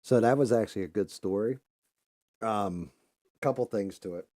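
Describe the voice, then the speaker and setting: Laid back host guy, low mellow voice, dry sound, cusses casually. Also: moderate pace, no echo. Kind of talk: casual chat.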